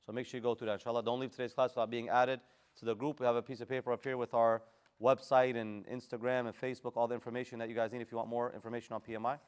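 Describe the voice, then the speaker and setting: A man's voice: mid-range voice, level tone, racing, clear, resonant tone. A man teaching Quran recitation in a class, giving casual, direct corrections and modeling the Arabic sounds. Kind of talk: live tajweed class instruction.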